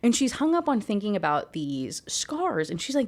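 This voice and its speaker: A woman's voice: medium pitch, big pitch swings, moderate pace, hardly any pauses. A woman giving a candid, exasperated rant review of a book, peppering her talk with "like" as she vents. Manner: exasperated, candid, heavy use of 'like'.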